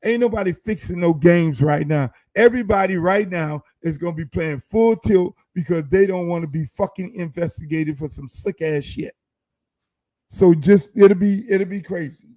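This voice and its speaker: A man's voice: high voice, moderate pace, warm tone, dry recording. A man hosting his own podcast, ranting in a casual, profane, heated way and firing off rhetorical questions. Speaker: podcast host.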